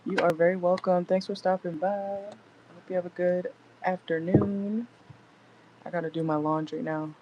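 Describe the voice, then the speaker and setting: A woman's voice: lowish voice, fairly even intonation, moderate pace, lo-fi sound, noisy background. A young woman doing a casual live tarot reading from inside a car, chatty and laid-back, laughing often and swearing casually. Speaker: tarot reader.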